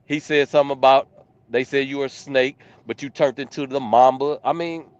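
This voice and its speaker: A man in a middle register weighs his scores out loud, hesitating as he hunts for words. The sound is dry and a little dull. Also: mid-range voice, steady tone, fairly quick, no room sound. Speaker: judge. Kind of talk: casual chat.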